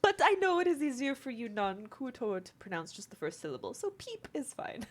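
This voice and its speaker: Woman voicing a fussy fish-folk healer for a tabletop game: high and flustered, pompous, wildly swinging pitch. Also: big pitch swings, a little fast.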